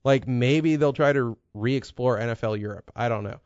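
A man with a mid-range voice co-hosts a casual podcast chat at a moderate pace, rambling and swearing as he tells stories with lots of energy. The recording is dry, and the highs are cut off.

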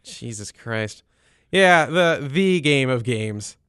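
Man, casual sports talk, profane, animated, mid-pitched, dry close sound. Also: takes it slowly, clean tone, dry recording. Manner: profane, animated, mock-dramatic. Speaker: podcast co-host.

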